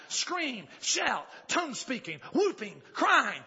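A high, cutting male voice preaching, leaping between easy, joking asides and sudden hollered cries. The pitch swoops widely as he drives his sermon home. It comes through a dull, lo-fi recording with a faint congregation behind him. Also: slow, vocal fry, hardly any pauses, a faint crowd. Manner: swings from calm talk to hollered exclamations, folksy humor.

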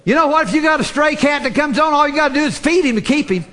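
Fervent high-voiced male preacher. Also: expressive, quick pace. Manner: fervent, repeats phrases, builds to shouted emphasis. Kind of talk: sermon.

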